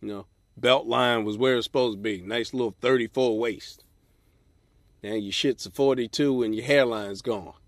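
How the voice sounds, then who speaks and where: A man hosting a comedy podcast alone, ranting profanely from his car in a parking lot and mocking people in a high falsetto. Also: normal speed, dry recording. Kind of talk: solo comedy podcast rant.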